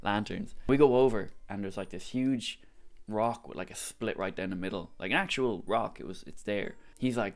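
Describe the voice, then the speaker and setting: A lower-pitched Irish man telling a story casually to camera. He is excitable and full of swearing, leaning hard on "like" as he goes. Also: moderate pace. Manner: excitable, swearing, lots of likes. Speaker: vlogger.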